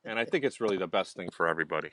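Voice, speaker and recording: A man's voice: deep voice, expressive, rapid-fire, sharp tone, dry recording. A man hosting a comedy radio show, chatting casually with a joking, self-deprecating manner. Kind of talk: casual interview chat. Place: radio studio.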